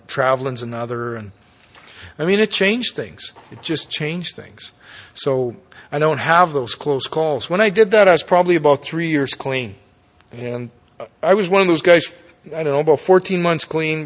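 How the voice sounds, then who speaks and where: A middle-aged man, giving a candid, profane personal recovery talk with folksy tag questions. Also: medium pitch. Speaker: speaker at a recovery meeting. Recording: long reverb of a meeting hall.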